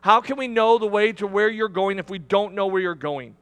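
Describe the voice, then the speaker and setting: A man preaching in a church sanctuary, his voice sitting very high for a man. He pushes his points with emphatic repetition and restarts, and the sound rings with a long hall reverb. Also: fairly quick, a bit bright, clear, resonant tone. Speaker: pastor. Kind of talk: sermon.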